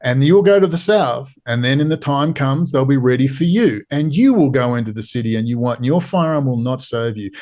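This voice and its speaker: A man's voice: mid-range voice, lively intonation, brisk, few pauses, darkish tone. A man with an Australian accent, a podcast guest, talking in an urgent, pleading way and hammering points home through repetition. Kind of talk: impassioned interview talk.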